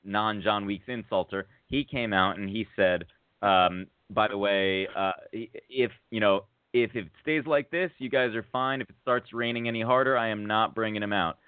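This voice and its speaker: Low-voiced man rambling through a story. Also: moderate pace, clean tone, dry recording. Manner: rambling, filler-heavy, rises to excited laughter at funny moments. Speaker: podcast co-host. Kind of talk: casual storytelling. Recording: tinny phone-like audio.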